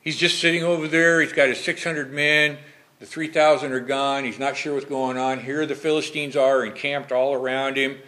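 A man's voice: mid-range voice, flat delivery, moderate pace, bright, forceful tone. A man preaching a Bible study. He reads scripture verses formally, then comments on them in a conversational way and asks his congregation questions.

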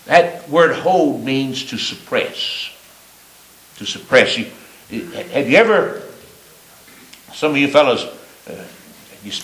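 An older man preaching a sermon in a church, his emphasis swinging from loud rising lines to low quiet asides. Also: reverberant, low-quality recording. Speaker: pastor. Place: church sanctuary.

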